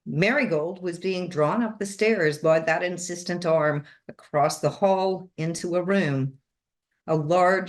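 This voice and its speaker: Woman reading a novel aloud. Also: low voice. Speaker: reader.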